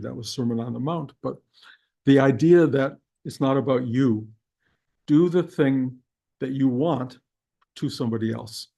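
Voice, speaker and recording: A man's voice: mid-range voice, gravelly, mellow, breathy edge. An older man, a spiritual teacher, giving an earnest, conversational talk to a class over a video call. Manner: earnest, conversational, slips into acted inner voices.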